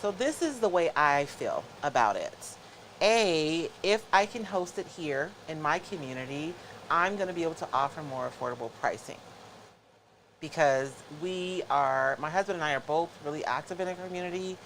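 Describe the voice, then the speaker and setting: A woman's voice: sits low, expressive, normal speed, fairly bright tone, slight background noise, poor audio. A middle-aged woman hosting a live craft show, chatting casually and explaining each step to her viewers.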